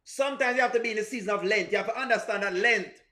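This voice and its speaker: A man's voice: high-pitched, very fast, sharp tone, slight background noise. A man giving comic reaction commentary, playful and laughing, repeating lines as running jokes. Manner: playful, laughing, repetitive riffs. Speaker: reaction video host. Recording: roomy echo.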